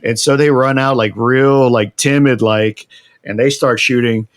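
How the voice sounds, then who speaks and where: A man, a veteran guest on a podcast, telling a long story in a casual, animated way and acting out the quotes. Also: mid-range voice, measured pace, no room sound, studio quality. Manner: animated, acts out shouted quotes.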